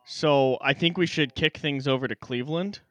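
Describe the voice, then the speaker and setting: A man's voice: medium pitch, normal speed, fairly bright tone, no echo. A young man hosting a casual sports podcast, upbeat and chatty as he steers from topic to topic. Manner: upbeat, leads the segments, chatty.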